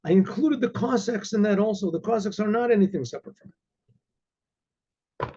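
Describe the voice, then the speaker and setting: A man voicing a wise old Hasidic rebbe calmly explaining a teaching. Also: high-pitched, a little fast, slightly rough, highs cut off, pitched above the performer's own voice.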